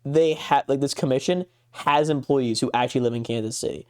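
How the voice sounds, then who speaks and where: A man holds forth on a casual podcast, his voice sitting at an ordinary middle pitch. He rants in an exasperated way and swears freely. His voice leaps high whenever he gets worked up. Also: brisk. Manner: exasperated ranting, heavy swearing, pitch jumps when worked up. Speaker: podcast co-host.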